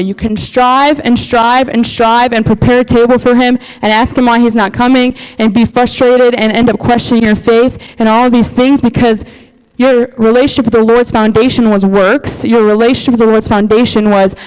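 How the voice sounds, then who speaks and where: Animated young woman preaching in a hall. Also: fairly high pitch, fairly quick, clean tone. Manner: animated, acts out quoted prayers, frequent "okay?". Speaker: youth speaker. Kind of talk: youth sermon. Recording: long hall reverb.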